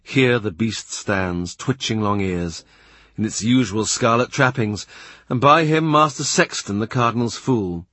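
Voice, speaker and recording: A man reading a literary novel aloud in a measured, understated way. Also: lowish voice, a bit bright, no room sound. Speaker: audiobook narrator. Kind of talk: scripted literary narration.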